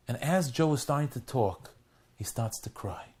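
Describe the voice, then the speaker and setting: A man, a rabbi, telling a story as an appeal, swinging dramatically between loud and hushed delivery. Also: medium pitch, animated, moderate pace.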